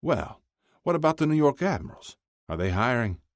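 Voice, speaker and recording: A man's voice: mid-range voice, very animated, normal speed, no echo, clean studio sound, voice pushed up, natural voice. A man voicing a fond, nosy middle-aged father who teases in a sing-song way. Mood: nosy teasing.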